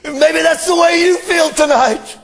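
High-voiced impassioned male preacher. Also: moderate pace, gravelly. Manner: impassioned, voice breaking with emotion. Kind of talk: sermon.

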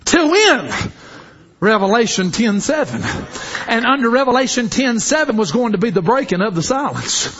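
A man preaching with fervor, his voice strikingly high and lively, swinging up into shouted exhortations. The tone is husky and breathy. The recording sounds dull and lo-fi. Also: a little fast. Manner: fervent, shouting exhortation with call-and-response phrases. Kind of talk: sermon.

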